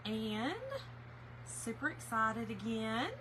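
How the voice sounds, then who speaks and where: A woman's voice: a little high, slow, background noise. A woman hosting a casual craft livestream, chatting and greeting viewers by name.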